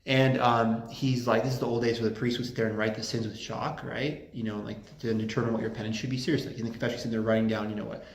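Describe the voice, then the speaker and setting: A man delivers a relaxed lecture to a small group at a campus center, joking freely and wandering into anecdotes. His mid-pitched voice carries a roomy echo from the space around him. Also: quick pace, hardly any pauses. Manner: joking, rambling, fond of anecdotes. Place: room at a campus Catholic center.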